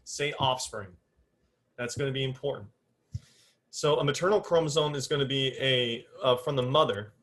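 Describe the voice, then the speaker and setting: A man's voice: medium pitch, normal speed, a bit bright. Man teaching biology in a lecture. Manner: informal and direct, stresses exact terms and gives firm rules; counts aloud while drawing on a board. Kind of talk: recorded classroom lecture.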